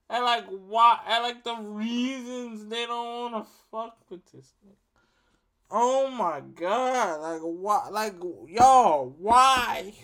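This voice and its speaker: A man's voice: high-pitched, fairly bright tone, smooth. A man giving a casual rant to his viewers, emphatic and profane, repeating himself for effect. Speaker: vlogger.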